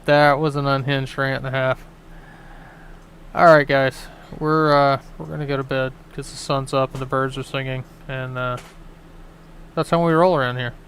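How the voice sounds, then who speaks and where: A man's voice: medium pitch, steady tone, moderate pace, a bit bright, a little hiss or hum, poor audio. A man co-hosting a stream who signs off in a wry, tired, joking way. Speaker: co-host. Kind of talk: casual stream sign-off.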